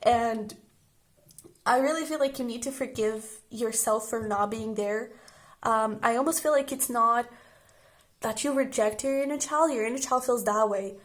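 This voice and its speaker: A woman reads tarot cards in a relaxed, conversational way, addressing the viewer directly. Her voice sits a little high for a woman, and her tone stays gentle and reassuring. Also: normal speed. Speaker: tarot reader. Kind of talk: casual pick-a-card tarot reading.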